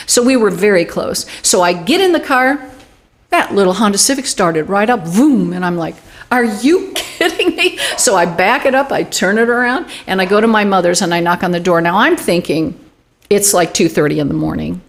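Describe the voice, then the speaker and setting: A woman in her sixties, a guest in an interview, telling a personal story with animation and acting out the quoted dialogue. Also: mid-range voice. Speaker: guest, UFO group director.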